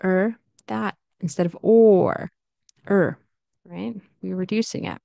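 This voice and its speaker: A woman teaching English pronunciation in an online lesson, speaking slowly and saying each example phrase over and over. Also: medium pitch, vocal fry, warm tone, no room sound. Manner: slow, demonstrative, repeats example phrases.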